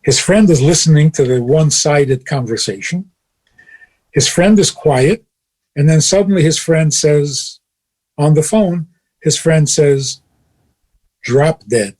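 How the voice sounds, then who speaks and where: A man with a fairly high, husky voice gives a radio teaching as a rabbi. He chuckles often as he talks and drives his points home with pointed rhetorical questions. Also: measured pace, a little mellow. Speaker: rabbi and radio show host. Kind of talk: teaching talk on a radio show.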